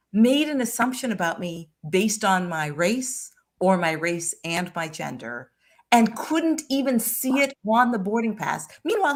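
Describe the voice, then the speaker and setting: A woman guest telling a personal story in a conversation, lively and full of restarts. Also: fairly high pitch. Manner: animated anecdote with frequent restarts.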